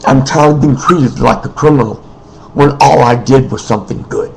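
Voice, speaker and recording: A man speaking in an unscripted personal monologue, emotional and weary, halting, repeating himself and often clearing his throat. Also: mid-range voice, poor audio. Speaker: person making a personal appeal.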